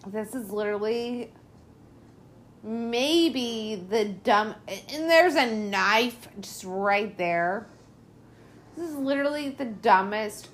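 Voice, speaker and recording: A woman's voice: on the high side, slow, a little hiss or hum. Exasperated woman riffing on a movie. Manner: lively, exasperated, heavy swearing. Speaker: podcast host. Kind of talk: casual movie commentary.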